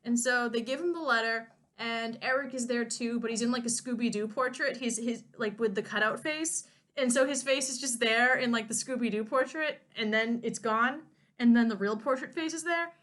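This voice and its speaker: A woman's voice: a little high, normal speed, fairly bright tone. A woman co-hosting a podcast, casually recapping a novel in a rambling, wry way with many restarts. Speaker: co-host summarizing a novel.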